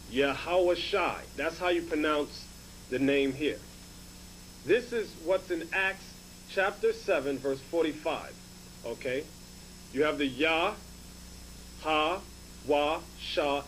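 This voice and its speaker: A man's voice: on the high side, fairly bright tone, a little hiss or hum, low-quality recording. A man teaching scripture as a bishop, explaining passages point by point and prompting a reader to read aloud. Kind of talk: Bible lesson, directing a reader.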